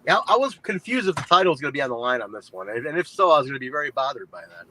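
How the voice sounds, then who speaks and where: A man co-hosting a casual podcast, talking excitably and swearing freely. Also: medium pitch, very fast, crowd noise, low-quality recording. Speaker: podcast co-host. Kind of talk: casual chat.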